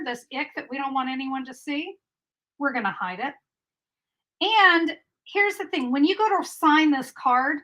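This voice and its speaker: A woman's voice: high-pitched, a bit bright, low-quality recording. A middle-aged woman giving a chatty, upbeat live card-making tutorial and answering viewer comments as she goes.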